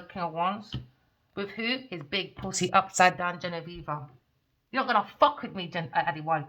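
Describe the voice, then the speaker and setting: A woman's voice: medium pitch, bright, forceful tone, dull audio. A woman giving a blunt, profane tarot reading, talking straight at her listeners. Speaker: tarot reader.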